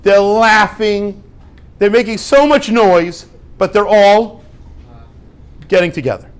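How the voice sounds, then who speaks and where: A man giving an informal Torah talk to a group, lively and conversational, acting out little dialogues and dropping Hebrew and Yiddish words. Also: high voice, slow, clear, resonant tone. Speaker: rabbi teaching a class.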